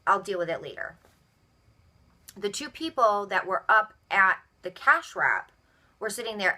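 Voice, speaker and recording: A young woman rants to the camera about a bad shopping experience. She has a bright, tense edge to her voice, and she switches in and out of quoted dialogue. She sits at a middling pitch and tells it all like a story. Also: unhurried, pauses often. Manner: animated, acts out both sides of dialogue. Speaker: vlogger. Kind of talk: storytelling rant.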